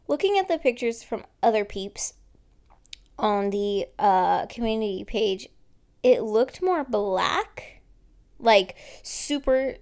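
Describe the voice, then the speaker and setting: Just-woke-up lady talking slow over her nail vid, crackly voice, lots of ums. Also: medium pitch, darkish tone. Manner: rambling, filler-heavy, self-correcting. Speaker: nail art vlogger. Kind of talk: casual voice-over narration.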